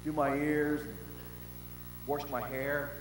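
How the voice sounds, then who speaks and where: An older male pastor preaching a sermon, telling stories with animated swings from shouts to hushed tones, recorded in a large pavilion. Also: on the high side, slow pace. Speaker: senior pastor. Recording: roomy hall with long reverb and faint hum.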